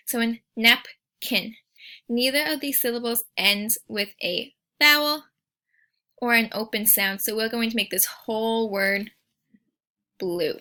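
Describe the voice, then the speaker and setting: A woman teacher giving a recorded spelling lesson, speaking patiently and sounding out each word slowly and clearly. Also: on the high side, pushed and bright.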